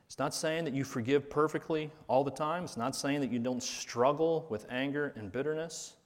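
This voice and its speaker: A pastor preaching a sermon, earnest, rising to stress key words and then dropping low. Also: male voice, moderate pace. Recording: reverberant hall.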